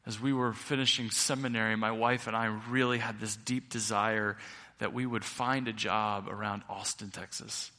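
A middle-aged male pastor preaching a sermon, building to loud peaks and then dropping quiet. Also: lowish voice, steady tone, moderate pace. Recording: long reverb of a large hall.

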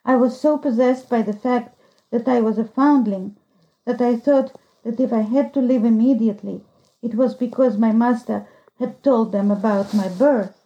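A woman narrating a story as an audiobook reader, in a slow, measured storytelling manner, on a dull lo-fi recording. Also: a little high, mellow. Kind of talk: scripted narration.

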